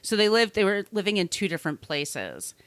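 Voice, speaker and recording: A woman's voice: mid-range voice, big pitch swings, a little fast, fairly bright tone, clean tone, dry recording. A middle-aged woman co-hosting a podcast, telling a story in a chatty, profane way and often restarting her sentences. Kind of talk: casual storytelling chat.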